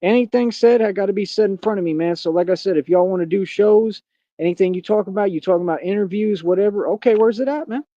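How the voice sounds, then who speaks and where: A man rants on his livestream, boastful, defiant and mocking. His voice sits fairly high yet sounds mellow and warm. The audio is dry and lo-fi. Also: fast talker, no echo. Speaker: livestream host. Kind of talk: unscripted ranting monologue.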